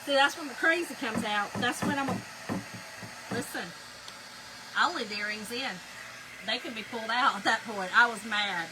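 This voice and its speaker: A woman's voice: a little high, normal speed, long pauses. A middle-aged woman, telling a story on a live stream in a chatty, laughing way and talking to viewers as y'all. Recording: background noise with a hair dryer.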